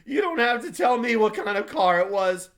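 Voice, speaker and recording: A man reading aloud voices a frantic, grieving man who shouts his accusations in a strained voice. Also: sits high, big pitch swings, normal speed, pitched above the performer's own voice, heavily acted.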